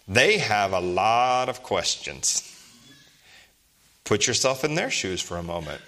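A man's voice: on the low side, expressive, unhurried, pauses often, fairly bright tone. A man in his thirties preaching a sermon, stressing his points and posing rhetorical questions to the congregation. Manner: emphatic, asks rhetorical questions. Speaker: pastor.

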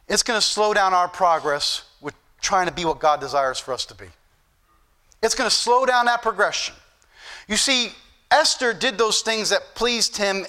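A man's voice: high voice, pushed and bright. A middle-aged man preaching a sermon, telling stories and acting out the dialogue with rising emphasis.

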